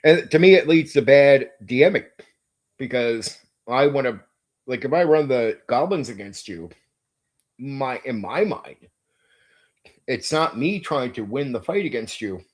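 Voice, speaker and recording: A man's voice: medium pitch, animated, unhurried. A man hosting his own channel, giving a blunt, emphatic monologue about how he runs tabletop games, with frequent swearing and casual "like, dude" fillers. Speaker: game master and channel host.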